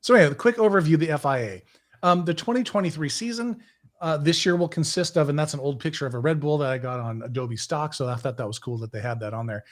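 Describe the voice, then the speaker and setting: Rambling podcast host, fairly high voice. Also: male voice, fast. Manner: rambling, self-correcting. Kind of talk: casual podcast chat.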